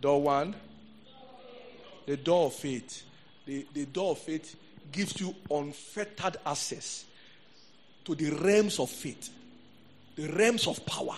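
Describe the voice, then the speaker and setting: A Nigerian man preaching a sermon as a pastor, talking in a lively, conversational way with Pidgin asides. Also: on the high side, slow, pauses often, a little hiss or hum.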